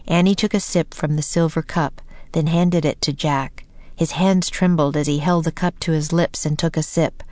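Woman slowly narrating a children's audiobook. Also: low-pitched, fairly even intonation, a little mellow, dry recording.

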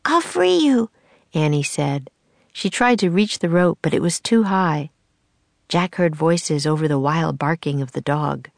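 A woman narrating a children's storybook in a steady reading voice, switching into voices for the characters. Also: low-pitched, unhurried, no echo. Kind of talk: scripted narration of a children's book.

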